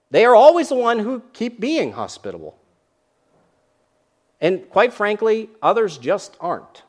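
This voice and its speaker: A man who is a pastor, preaching a sermon in church and acting out grumbling lines with animation. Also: a little high.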